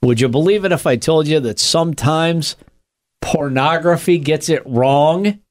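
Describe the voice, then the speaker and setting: A male co-host of a comedy podcast banters casually, making crude jokes and rambling with plenty of fillers. His voice is a little high and unhurried.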